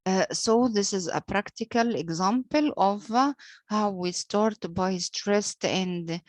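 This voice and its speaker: Slow, careful woman teaching poetry meter. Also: mid-range voice, no echo. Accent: British-leaning English pronunciation. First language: Arabic. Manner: slow and deliberate, frequent "uh" pauses, spells out letters. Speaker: English literature teacher. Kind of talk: slow explanatory lecture.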